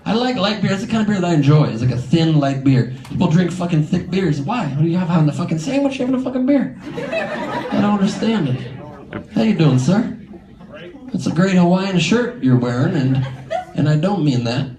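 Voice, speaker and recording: Brisk and expressive, with a voice on the high side, a comedian works the room, mocking the crowd crudely and boldly through a handheld mic. The audio is poor and roomy, with people laughing in the background.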